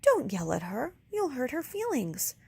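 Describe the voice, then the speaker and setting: Timid high sister voice, stutters, woman doing it, dry close sound. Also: wildly swooping pitch, a little slow, vocal fry, dark tone, breathy edge, dry recording, heavily acted. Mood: timid fretful. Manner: nervous, stammering, pleading. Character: timid, fretful younger sister.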